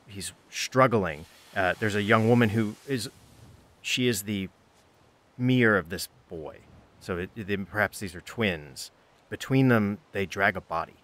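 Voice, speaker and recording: A man narrating a tabletop game as game master, halting and full of restarts. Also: deep voice, a bit bright. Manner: halting, with many fillers and restarts.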